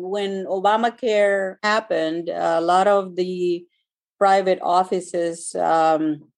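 A woman physician answering interview questions in a conversational way, pausing often and searching for words. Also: on the low side, darkish tone. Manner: hesitant, searching for words with many fillers. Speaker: physician guest.

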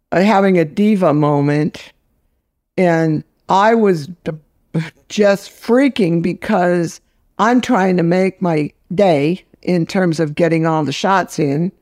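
A woman's voice: on the low side, darkish tone, dry recording, clean studio sound. Older woman director, blunt and salty, chatting through stories. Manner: blunt, salty, storytelling with laughs. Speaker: film director, guest. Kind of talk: casual interview chat.

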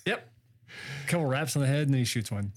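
A man's voice: medium pitch, lively intonation, quick pace, no room sound, studio quality. A man co-hosting a podcast, chiming in on a movie recap with jokey asides. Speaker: podcast co-host. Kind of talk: casual movie recap chat.

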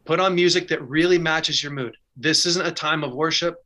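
A man's voice: fairly high pitch, moderate pace, pushed and bright. A man teaching in a casual, conversational way and sharing his own story, earnest and candid, with short bursts and restarts. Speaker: faith speaker sharing advice.

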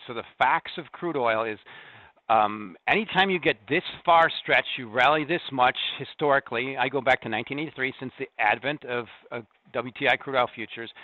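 A middle-aged man from the Corn Belt, a commodity strategist giving a market interview, talking fast with numbers and frequent restarts. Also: medium pitch, dry recording. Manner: fast, data-heavy, restarts mid-sentence. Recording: tinny phone-like line, dry.

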